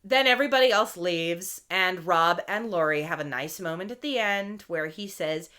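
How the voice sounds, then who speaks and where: A woman co-hosting a podcast, recapping in casual chat and acting out quotes with animated voices. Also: lowish voice, normal speed, smooth. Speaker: podcast co-host.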